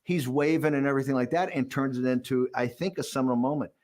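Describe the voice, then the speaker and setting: A man gives an interview, recounting a behind-the-scenes episode. He talks in an animated, storytelling way, often restarting his sentences and repeating words as he goes. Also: medium pitch. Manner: rapid, animated storyteller, acting out quotes and chuckling. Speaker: interviewee, political strategist.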